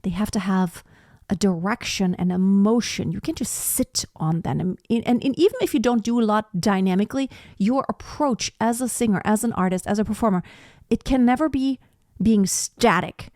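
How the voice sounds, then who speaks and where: A woman's voice: medium pitch, normal speed, darkish tone, dry recording, studio quality. A woman opera singer casually reacting to a performance and explaining vocal technique with enthusiasm. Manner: enthusiastic, explanatory, sings short demonstration notes.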